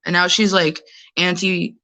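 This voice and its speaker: A woman from New York City chatting casually as a caller, rambling and animated. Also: lowish voice, normal speed. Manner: rambling, animated, acts out other people's voices. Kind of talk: casual chat.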